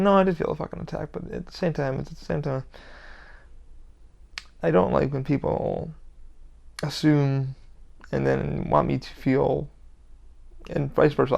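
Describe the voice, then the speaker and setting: A man's voice: on the high side, vocal fry, darkish tone, lo-fi sound. A man hosting his own podcast, talking in a heated, rambling monologue with constant swearing. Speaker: podcast host. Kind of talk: casual monologue.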